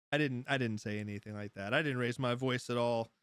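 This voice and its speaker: A man's voice: medium pitch, moderate pace, fairly bright tone, clean tone, dry recording. A man hosting a casual live stream, rambling through stories, laughing often as he goes and answering his chat. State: high. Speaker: livestream host.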